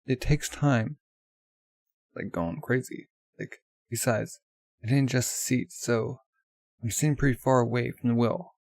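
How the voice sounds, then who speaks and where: A man's voice: mid-range voice, normal speed, creaky, a little mellow, no room sound. A man casually reading a manga aloud in a loose, offhand way full of fillers. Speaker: manga reader.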